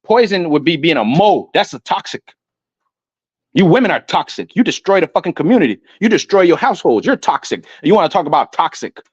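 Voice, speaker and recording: A man giving a ranting commentary, loud and emphatic, stumbling over repeated words as he reads definitions aloud. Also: on the high side, very animated, fairly quick, breathy edge, dry recording. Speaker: online commentator. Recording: dull lo-fi dry sound.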